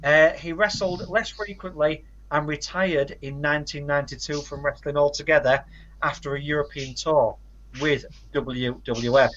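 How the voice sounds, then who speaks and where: Keeping a steady tone at normal speed, the man co-hosting this relaxed podcast chat has a somewhat high, fairly bright voice. He fires off facts and titles and tucks in dry asides over dull, lo-fi audio.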